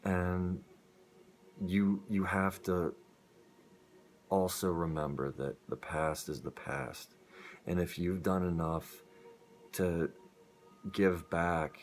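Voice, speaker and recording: A man's voice: deep voice, steady tone, slow, soft background music. A young man talking earnestly and rambling in a personal vlog about living with his illness. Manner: rambling, earnest, with self-deprecating laughs. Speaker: vlogger. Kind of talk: rambling personal talk to camera.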